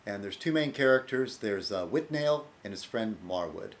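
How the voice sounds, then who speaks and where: Rambling, lively-voiced vlogger man. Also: lowish voice, moderate pace. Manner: rambling, self-deprecating, chuckles often. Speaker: video blogger host. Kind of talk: casual vlog chat. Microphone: laptop webcam.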